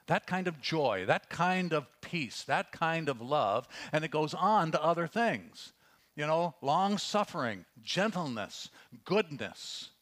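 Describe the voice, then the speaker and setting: A pastor preaching a sermon, reading scripture and telling stories, dropping to a hush and then rising for emphasis. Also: male voice, fairly high pitch. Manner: earnest preaching, swings from hushed storytelling to raised emphasis; reads scripture aloud, with fillers and restarts.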